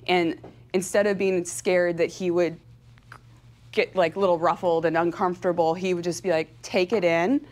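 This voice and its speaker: An energetic woman from California gives a motivational talk to an audience. She speaks openly and with feeling, and laughs often. Her voice sits slightly low for a woman. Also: normal speed. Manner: emotional and openly heartfelt. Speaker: professional cyclist giving a talk.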